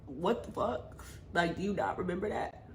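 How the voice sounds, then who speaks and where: A woman telling a story in a casual vlog, animated and profane, acting out a quarrel. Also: fairly low pitch, moderate pace. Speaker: vlogger. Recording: echoey room with faint background noise.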